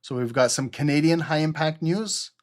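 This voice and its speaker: A man's voice: a little high, moderate pace. Man giving live market commentary. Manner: explanatory, often checks in with "okay?"; reads out viewer chat and answers it. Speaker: trading livestream host.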